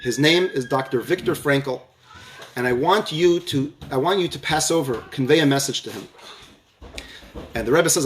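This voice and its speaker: A man giving a storytelling lecture on a religious theme, halting often and repeating words as he goes. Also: medium pitch, a little hiss or hum.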